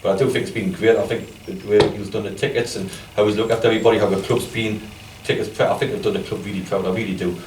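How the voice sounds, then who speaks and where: Fast-talking football manager with a strong accent. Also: male voice, lowish voice, little pitch movement. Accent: strong regional accent. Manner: chatty, self-deprecating, laughs at own stories. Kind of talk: press conference storytelling. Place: press conference room. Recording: echoey room, distant mic, faint noise.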